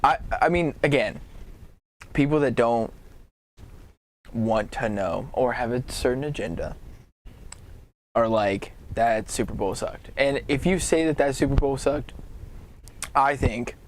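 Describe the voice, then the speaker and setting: A man co-hosting a casual live-stream chat, excitable and laughing, often stumbling over his words. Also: medium pitch, unhurried, long pauses, a little hiss or hum. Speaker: podcast co-host.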